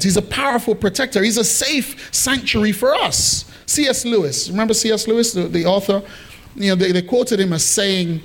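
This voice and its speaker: High-voiced playful preacher man. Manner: playful, teasing the congregation. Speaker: pastor. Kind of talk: sermon. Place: church hall with congregation.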